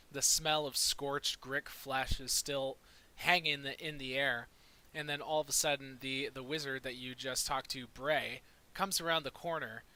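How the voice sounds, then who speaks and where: A man running a tabletop game as dungeon master, describing scenes vividly and ruling on dice rolls. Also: medium pitch. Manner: lively, vivid scene narration.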